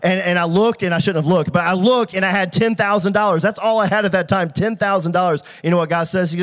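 Pastor preaching a humorous sermon: a man with a high voice who talks fast, restarts often and calls out to the crowd. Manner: humorous storytelling with audience call-outs; fast, filler-heavy delivery with frequent restarts.

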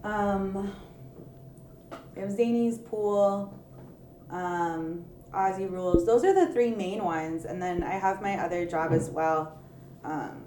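A woman with a middle-pitched voice chats on a podcast in an easygoing, agreeable way, sometimes trailing off. The sound carries a roomy echo, with faint background noise. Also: slow pace, pauses often, mellow. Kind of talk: casual podcast chat.

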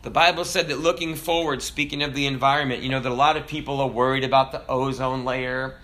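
A man's voice: steady tone, fast talker, pushed and bright. A male pastor preaching a sermon in a conversational way, with joking asides, who builds to emphatic preaching. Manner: rises to emphatic, higher-pitched preaching.

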